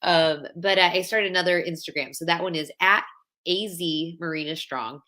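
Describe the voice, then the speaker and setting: Greeting her viewers by name, this thirtysomething streamer keeps the talk casual and heartfelt. She speaks at a moderate pace in a lowish voice that sounds pushed and bright.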